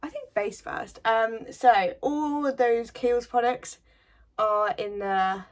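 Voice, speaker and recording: A woman's voice: a little high, takes it slowly. A woman from the English Midlands, a beauty vlogger chatting to viewers like a friend in a get-ready-with-me makeup video, with a slight cold coming on. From English Midlands, near Birmingham.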